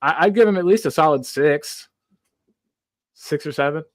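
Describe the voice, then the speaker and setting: A man's voice: fairly high pitch, normal speed, no room sound. A man with an American Midwestern accent hosting a casual football podcast, chatty and reading out viewer comments. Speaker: podcast host.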